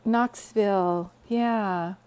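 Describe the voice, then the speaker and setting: A woman's voice: medium pitch, fairly even intonation, very slow, darkish tone, smooth. A woman hosting a casual phone livestream from her bed, greeting viewers and telling stories in a chatty way. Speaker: psychic medium livestream host. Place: bedroom, sitting on bed.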